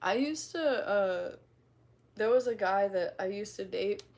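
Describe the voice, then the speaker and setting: A woman's voice: mid-range voice, expressive, unhurried, darkish tone. A young woman from the Midwest with a slight twang, chatting casually and reading viewer comments on a livestream, rambling and giggly with casual swearing.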